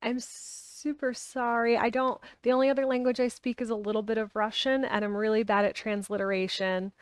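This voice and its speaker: A woman's voice: fairly high pitch, flat delivery, brisk, smooth, no room sound. A woman reading a novel aloud on a live stream at home, breaking off for chatty asides to her viewers. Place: home with dogs around.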